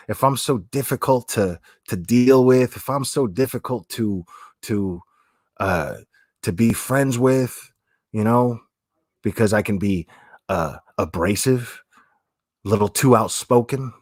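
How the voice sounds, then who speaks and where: A man's voice: medium pitch, slow, no room sound, clean studio sound. A man hosting a livestream, talking bluntly and opinionated, swearing and repeating phrases as he reads chat. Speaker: livestream host.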